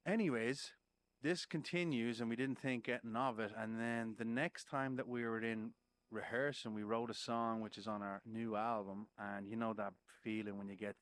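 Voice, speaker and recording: A man's voice: mid-range voice, fairly even intonation, normal speed, no room sound. A man, a musician guest on a podcast, telling a story in casual chat, swearing freely and checking in with "right?".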